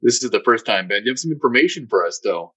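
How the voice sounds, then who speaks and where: A man's voice: medium pitch, expressive, fast talker, sharp tone, slightly rough, dry recording, low-quality recording. Stammering man in casual podcast chat. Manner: stammering, repeats words often. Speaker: podcast co-host.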